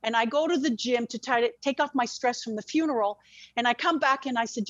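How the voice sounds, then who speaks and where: A woman with a high voice tells a deeply personal story as an interview guest. She is animated and swears freely, often breaking off and restarting her sentences. The sound is dull and lo-fi, with a dry, close feel. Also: a little fast, no echo.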